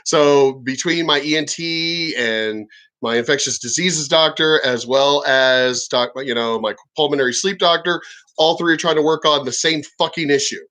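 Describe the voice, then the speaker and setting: Bright, profane veteran man rambling. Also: fairly high pitch, moderate pace. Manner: profane, rambling, with many restarts and throat clearing. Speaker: military veteran vlogger. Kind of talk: casual vlog monologue.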